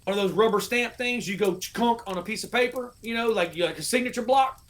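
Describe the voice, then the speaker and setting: A man's voice: high-pitched, a little fast. Middle-aged American male veteran, casual profane storyteller, podcast guest. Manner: animated, profane storyteller, acts out his old orders.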